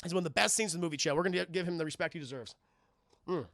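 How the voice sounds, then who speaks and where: A man's voice: on the high side, vocal fry, no echo, studio quality. A man casually recapping a film for his live chat, animatedly acting out the characters' lines as he goes. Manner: animated, acts out characters' lines in quick impressions. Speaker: streamer reviewing a film.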